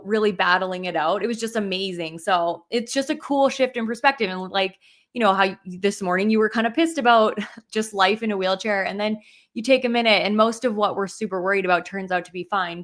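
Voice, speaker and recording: A woman's voice: medium pitch, a bit bright. A young adult woman co-hosting a podcast, telling a personal story in casual chat with many "like" fillers and open emotion. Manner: emotional, heavy use of "like" fillers. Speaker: podcast co-host.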